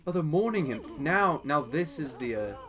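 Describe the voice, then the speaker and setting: A man's voice: on the high side, big pitch swings, moderate pace, pushed and bright. A young man rambling through live gameplay commentary, talking to himself and to his chat. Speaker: game streamer.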